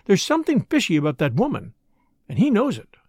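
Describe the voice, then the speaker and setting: A man voicing a brisk, gossipy middle-aged spinster sister who speaks in a complacent, self-important, knowing way. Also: high voice, huge pitch swings, darkish tone, breathy edge, no echo, clean studio sound, full character voice. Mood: self-satisfied. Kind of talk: audiobook character voice.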